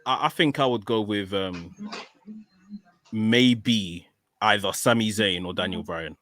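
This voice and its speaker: A man giving measured, opinionated takes in a casual wrestling podcast. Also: fairly low pitch, a bit bright. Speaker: podcast co-host.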